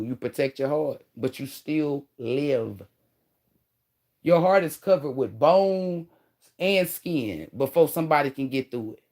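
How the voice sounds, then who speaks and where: Blunt, animated woman in her thirties. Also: extremely low pitch. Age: 30s. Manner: blunt, animated, swears freely, slangy. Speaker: vlogger giving relationship advice. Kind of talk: casual advice monologue to viewers.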